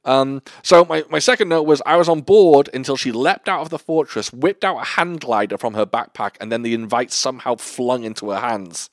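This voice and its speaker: A man's voice: mid-range voice, brisk, hardly any pauses, no room sound, clean studio sound. A young man co-hosting a casual film review podcast, rambling and swearing with frequent laughs. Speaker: podcast co-host.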